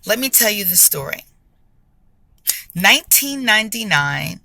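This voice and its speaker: Slow, emphatic woman giving a testimony. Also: medium pitch, sing-song, vocal fry, sharp tone, dry recording. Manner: emphatic, repeats phrases for stress; slow and deliberate. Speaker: person giving a faith testimony. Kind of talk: spoken testimony vlog.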